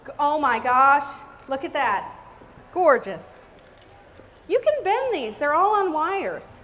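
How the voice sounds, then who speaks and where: A woman's voice: sits high, very animated, takes it slowly, fairly bright tone. A woman giving a live cake decorating demonstration, chatty and exclamatory. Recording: reverberant hall with faint noise.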